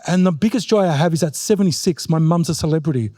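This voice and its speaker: A man talks on a book festival panel in a notably high voice. He tells stories with energy and slips into impressions of others. The sound is close and dry. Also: fast talker, dry recording. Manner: animated storyteller who mimics his mother in a raised voice. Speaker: author and refugee advocate.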